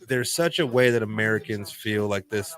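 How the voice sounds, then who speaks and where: Low-voiced man, rambling and reflective. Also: moderate pace, fairly bright tone, faint music behind. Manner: rambling, reflective, laughs easily. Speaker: co-host. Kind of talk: casual podcast chat.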